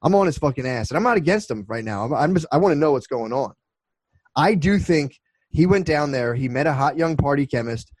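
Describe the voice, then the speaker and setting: A man's voice: fairly high pitch, animated, fairly quick, a little mellow, no room sound, poor audio. A man in his twenties co-hosting a podcast, telling rambling, profane stories in casual chat. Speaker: podcast co-host.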